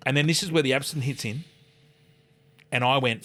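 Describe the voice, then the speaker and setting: A man's voice: medium pitch, brisk, a bit bright. An older Australian man, a podcast guest, telling a rowdy anecdote, swearing freely and acting out the other voices. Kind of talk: animated storytelling.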